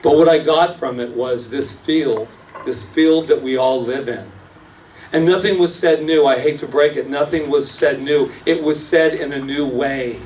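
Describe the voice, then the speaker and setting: A chatty male minister preaching in a loose storytelling style with self-mocking asides. His voice sits a little away from the microphone, and faint room noise carries under it. He speaks at a medium pitch. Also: moderate pace, darkish tone, far from the mic, poor audio. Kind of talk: casual storytelling sermon. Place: church service space.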